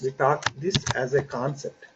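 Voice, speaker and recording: A man teaching an online software training class, explaining concepts step by step in an unhurried way with frequent fillers. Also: mid-range voice, fairly even intonation, over loud music. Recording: dull lo-fi audio with faint hiss.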